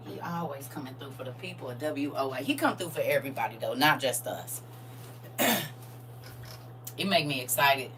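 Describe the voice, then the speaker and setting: A middle-aged woman chatting excitedly and casually to her viewers on a live stream. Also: rumbling low, normal speed, pauses often, background noise. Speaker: livestream host.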